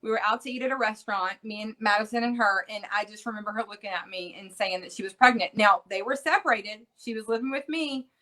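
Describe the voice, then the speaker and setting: A middle-aged woman, a guest on an interview show, speaking earnestly with halting phrases, restarts and repeated words. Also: medium pitch, pushed and bright, poor audio. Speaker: interview guest, bereaved mother. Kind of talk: casual interview talk.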